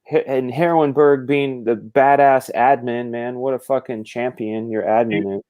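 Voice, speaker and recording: A man's voice: medium pitch, fairly even intonation, measured pace, darkish tone. A man on a live talk stream, chatting casually and a bit profanely while recovering from an illness. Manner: loose and profane, storytelling. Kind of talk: casual chat.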